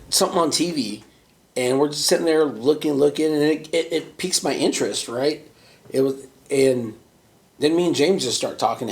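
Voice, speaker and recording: A man hosting a podcast, telling a profane workplace story in casual chat and acting out the quoted voices. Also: mid-range voice. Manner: animated storyteller, acts out quotes in raised voice; casual, profane, many fillers like "right?" and "you know". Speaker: podcast host.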